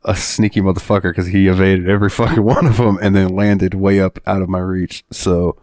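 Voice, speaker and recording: Low-voiced, profane laughing podcast host. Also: male voice, flat delivery, fairly quick, a little mellow. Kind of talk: casual chat.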